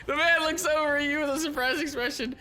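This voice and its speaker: A woman's voice: sits high, fairly even intonation, quick pace, bright, forceful tone. A woman streamer reading a text adventure aloud and reacting with frequent laughter, swearing and disbelief. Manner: giggly, swears a lot, incredulous reactions.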